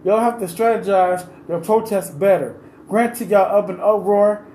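A man with a notably high speaking voice delivers an impassioned, unscripted monologue, pleading with his listeners and hammering the same questions over and over. He rambles and restarts as he talks. The recording is roomy and echoey, with faint ambient noise underneath. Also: unhurried, dark tone. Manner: pleading, repeats questions insistently. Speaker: vlogger giving his opinion.

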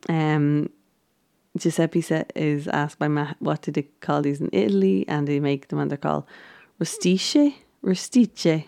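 Low, gravelly-voiced woman chatting casually. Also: a little slow, mellow, dry recording, clean studio sound. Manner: chatty, giggly, many ums and restarts. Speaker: recapping a baking show episode. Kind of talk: casual spoken recap.

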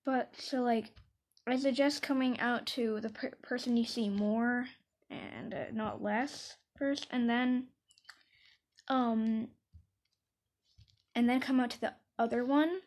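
A woman's voice: fairly high pitch, fairly even intonation, takes it slowly, long pauses, a little mellow. A woman vlogger giving unscripted advice, rambling and hesitant with lots of fillers and restarts. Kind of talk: unscripted casual advice talk.

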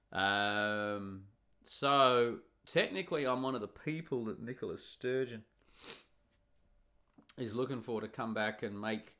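A man's voice: fairly low pitch, fairly bright tone. A middle-aged man telling a long, rambling story in a blunt, sarcastic and profane casual monologue. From Australia.

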